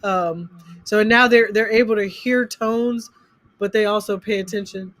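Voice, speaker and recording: A language teacher in a relaxed chat, describing classroom struggles with frequent pauses and laughter. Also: medium pitch. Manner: unhurried, trails off with fillers, laughs at own stories. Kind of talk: casual conversation about teaching.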